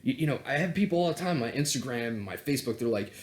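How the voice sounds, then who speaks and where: A man's voice: mid-range voice, lively intonation, fast talker. A man on a vlog, ranting heatedly and sarcastically, with plenty of swearing. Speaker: self-help vlogger and coach. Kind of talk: unscripted profane political rant.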